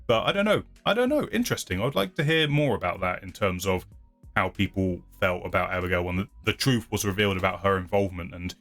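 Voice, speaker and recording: A man with a fairly low voice hosts his channel and talks casually through viewer comments. He rambles and hedges and often laughs at himself. Faint music plays underneath. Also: lively intonation, quick pace, a bit bright. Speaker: channel host.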